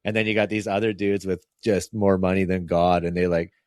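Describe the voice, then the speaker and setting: A man's voice: sits low, steady tone, fairly quick, clear, resonant tone, dry recording, studio quality. A man hosting a hunting podcast, telling guiding stories in casual chat, swearing often and acting out his clients. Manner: profane, laughing, acts out client voices. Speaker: podcast host, hunting guide.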